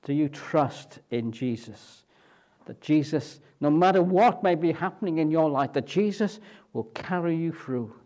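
A man's voice: on the high side, expressive, a little slow, a little mellow. A man pastor preaching a sermon in a conversational way, often asking the congregation rhetorical questions.

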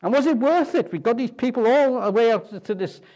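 A preacher acting out a fed-up old prophet, high and strained. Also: male voice, lively intonation, a little fast, darkish tone. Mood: exasperated. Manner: complaining, rising exasperation. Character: exasperated aging male prophet, fed up and fearful.

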